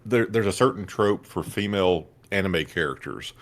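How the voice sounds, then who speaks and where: A man playing in a tabletop game, calmly explaining his opinions in casual chat. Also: low voice, normal speed. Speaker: player.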